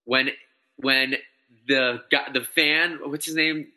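A man talking sports on a podcast, with a strikingly bright, sharp tone. He rambles with excitement, restarting sentences as his thoughts run ahead. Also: mid-range voice, takes it slowly. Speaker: podcast co-host. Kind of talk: casual sports chat.

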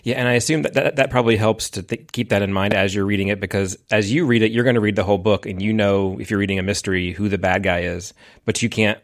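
A man hosting a podcast interview, asking curious questions in a relaxed, conversational way. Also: lowish voice, fast. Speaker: podcast host.

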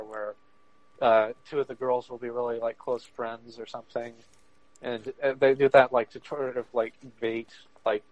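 A man's voice: medium pitch, no room sound, highs cut off. A man co-hosting a podcast in casual chat, rambling with many fillers and laughing often. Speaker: podcast co-host.

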